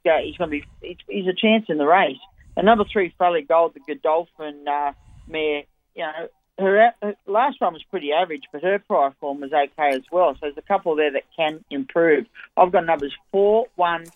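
A man's voice: a little high, no echo. Australian man giving racing tips over a phone line. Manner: chatty, enthusiastic form analysis. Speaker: racing tipster. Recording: tinny phone-line audio.

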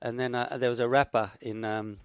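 A man guest on a radio show, chatting casually and telling stories with laughs and halting restarts. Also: mid-range voice, level tone, smooth, no echo, studio quality. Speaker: guest, former footballer.

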